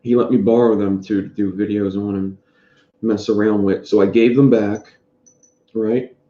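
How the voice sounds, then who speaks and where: A man's voice: on the low side, steady tone, a little slow, mellow. A man hosting a casual live stream, rambling and greeting viewers in chat by name. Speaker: vape reviewer streaming live. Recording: dull lo-fi sound in an echoey room.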